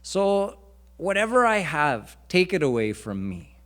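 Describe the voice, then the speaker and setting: A male swami gives a devotional lecture in a temple, speaking slowly and earnestly. His voice sits fairly high for a man, and he sometimes breaks into chanted verses. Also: very animated, a bit bright. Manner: slow, earnest teaching with chanted Sanskrit verses. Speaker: swami preacher. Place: temple hall.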